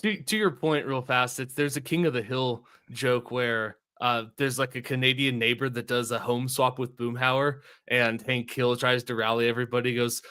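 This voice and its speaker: A man's voice: mid-range voice, steady tone, moderate pace, hardly any pauses, pushed and bright, clear, resonant tone. A man in casual podcast chat, telling jokes and stories between laughs. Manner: storytelling, laughing banter.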